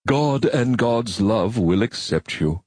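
A man voicing an elderly male coin-operated machine priest who intones slowly, as if there were no rush. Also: lowish voice, huge pitch swings, slightly rough, dry recording, clean studio sound, full character voice. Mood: gentle. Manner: slow, unhurried intoning.

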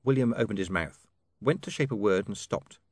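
A man narrating a novel as an audiobook reader in measured storytelling. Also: lowish voice, lively intonation, breathy edge, no room sound. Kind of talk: scripted narration.

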